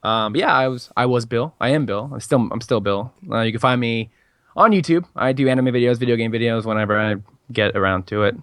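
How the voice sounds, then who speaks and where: A man's voice: medium pitch, fairly quick, a bit bright, clear, resonant tone, no room sound. A man guesting on a podcast in casual chat, laid-back and rambling.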